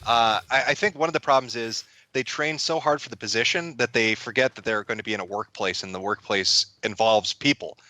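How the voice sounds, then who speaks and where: A man's voice: medium pitch, a little fast, hardly any pauses, pushed and bright, no echo. An American man from the United States, a guest on a casual podcast interview, talking with wry joking asides.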